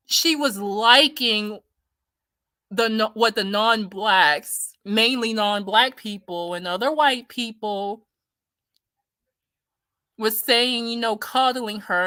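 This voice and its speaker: A woman talks straight into the mic in a blunt, indignant commentary style, swearing freely as she works through the story and reads viewer comments aloud. Her tone is bright and forward, and the sound is dry and close with no room around it. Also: mid-range voice, slow, no room sound. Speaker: commentary host. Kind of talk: casual opinion commentary.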